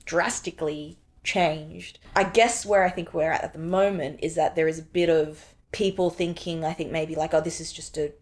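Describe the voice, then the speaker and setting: A woman's voice: deep voice, normal speed, few pauses. A woman in her thirties, a filmmaker and actor, talking in a casual interview with lots of "like" and "you know," telling stories animatedly and acting out her own reactions. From Australia. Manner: animated storytelling, acts out her past reactions; frequent fillers like "like" and "you know".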